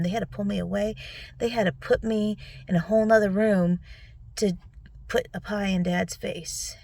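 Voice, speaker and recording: A tearful middle-aged woman recording a personal video recap on her phone, speaking softly and often dropping to a whisper. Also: medium pitch, fairly even intonation, normal speed, creaky, a little hiss or hum. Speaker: vlogger. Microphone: phone selfie video.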